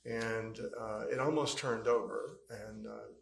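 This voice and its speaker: With a fairly low voice whose pitch swoops wildly, this man testifies slowly as a courtroom witness, his vocal fry audible. His long account rambles and falters with fillers, and the echoey courtroom mic carries a little hiss or hum.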